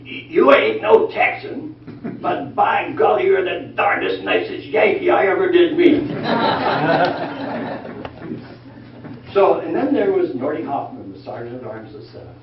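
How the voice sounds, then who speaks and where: Older man telling stories in an echoey room. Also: mid-range voice. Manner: folksy, animated, acts out quoted voices. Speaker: speaker telling career stories to a church class. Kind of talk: anecdotal storytelling talk. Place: church classroom. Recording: echoey room from far off, dull lo-fi sound, faint noise.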